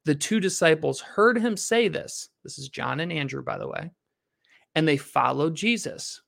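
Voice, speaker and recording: A man's voice: fairly high pitch, gravelly. A man reading a Bible passage aloud and then teaching on it, asking his class questions as he explains. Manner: reads scripture slowly, then explains in a lively, questioning way.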